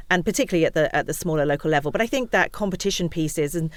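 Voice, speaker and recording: Casting: woman expert guest, rapid and animated delivery, dry close-mic sound. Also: low voice, no room sound. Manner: animated, acts out quotes of others. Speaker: guest, misinformation researcher. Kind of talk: podcast conversation.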